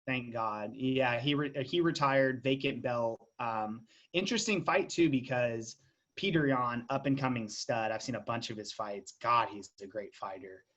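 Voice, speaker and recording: A man's voice: mid-range voice, measured pace, fairly bright tone. Guy rambling about fight picks on a podcast, kinda muffled sound. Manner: loose, rambling, frequent restarts. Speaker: podcast co-host. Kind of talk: casual sports betting chat.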